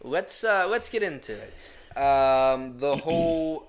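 A man's voice: a little high, expressive, slow. A man in casual chat, defending provocative takes with mock conviction. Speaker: podcast co-host.

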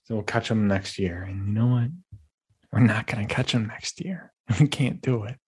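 A young man hosting a podcast, telling casual stories in a rambling, animated way with frequent restarts. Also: lowish voice, moderate pace, slightly rough. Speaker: podcast host. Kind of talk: casual monologue.

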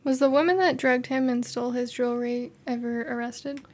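A woman with a high voice co-hosts a casual podcast. She asks pointed questions and drops dry, deadpan remarks. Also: brisk. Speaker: podcast co-host.

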